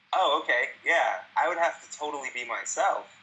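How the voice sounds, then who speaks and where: A man's voice: on the high side, bright, forceful tone, highs cut off. A man from Colorado with a General American accent, calling in to a spiritual talk, hesitant and self-deprecating with nervous laughter. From Denver, Colorado. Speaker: caller. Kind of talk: casual conversation.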